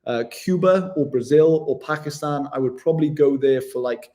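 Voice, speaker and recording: Laid-back man with a mellow voice. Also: a little high, moderate pace. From Wales. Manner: laid-back, matey, calls everyone mate. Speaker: travel vlogger hosting a live stream. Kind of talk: casual live-stream chat with viewers.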